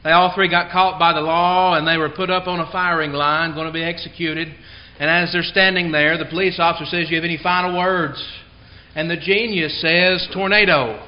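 A man delivers a sermon in a fairly high voice, pressing down on key words for emphasis. He moves between scripture reading and plain talk with the congregation. The recording sounds dull and lo-fi. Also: fairly even intonation, normal speed. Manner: tells a joke before the lesson. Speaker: preacher.

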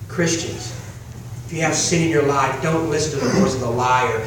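Brief: male preacher, highish voice, pleading and repetitive, heard from a distance in a very echoey church. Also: fairly even intonation, normal speed, slight background noise. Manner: pleading, repetitive, swings between hushed and emphatic. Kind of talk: evangelistic sermon. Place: church sanctuary.

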